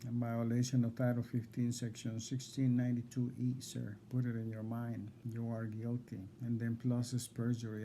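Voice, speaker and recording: A man reading out insistent legal demands to a court evaluator, repeating himself and halting on fillers. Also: medium pitch, monotone, warm tone, a little hiss or hum. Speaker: defendant addressing a court evaluator. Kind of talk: confrontational legal declaration.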